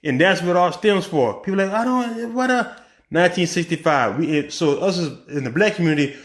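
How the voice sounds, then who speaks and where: A man giving casual political commentary in a vlog, talking in an animated way with rhetorical questions and many restarts. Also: a little high, fast talker, roomy sound. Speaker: vlogger.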